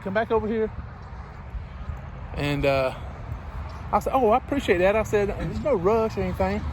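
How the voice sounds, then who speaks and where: A man's voice: high-pitched, moderate pace. A man telling a casual story beside his parked truck, laughing often and acting out conversations. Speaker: truck driver vlogger. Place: outdoors by a parked truck in strong wind. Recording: windy outdoor noise. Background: wind and passing traffic.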